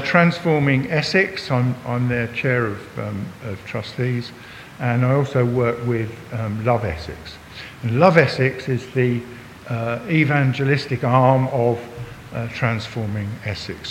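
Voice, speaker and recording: Older man preaching in a reverberant hall. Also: unhurried. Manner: chatty and jokey, talks to the congregation. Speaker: visiting preacher. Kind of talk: informal church talk. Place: church hall. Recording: long hall reverb, faint rumble.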